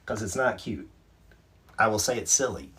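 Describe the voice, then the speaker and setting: A man hosts a relaxed livestream and reads out viewer comments one by one. His voice is husky and a little breathy. He talks in a chatty, self-mocking way and laughs easily. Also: lowish voice, moderate pace. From North Carolina, USA. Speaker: livestream host. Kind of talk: casual live chat, reading out viewer comments.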